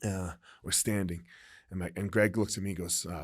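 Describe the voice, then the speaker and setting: A man's voice: low-pitched, steady tone, a little fast, husky. A man in his forties, a former fighter and gym owner, telling stories candidly and emphatically in an interview, swearing freely and often asking "right?". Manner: profane, emphatic, frequent "right?" and "like".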